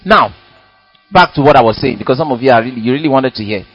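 A man preaching a sermon in a church, animated and dramatic, acting out little quotes as he goes. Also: medium pitch, quick pace, slightly rough, no echo, dull audio, faint music behind.

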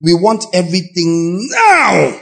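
A Nigerian pastor preaching in a lively, theatrical way. His voice sits high for a man, and he jumps between mocking little voices and sudden shouts. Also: slow, creaky. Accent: Nigerian English. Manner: animated, acts out voices and mocks, sudden shouts. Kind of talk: sermon.

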